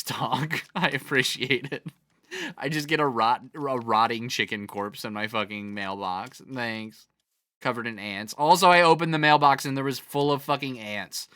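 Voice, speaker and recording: A man rambles to his stream chat between gameplay, swearing freely and laughing often, and answers the comments as he reads them aloud. His voice is bright and forward. The sound is close and dry. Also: medium pitch, smooth, no room sound. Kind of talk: casual chat while gaming.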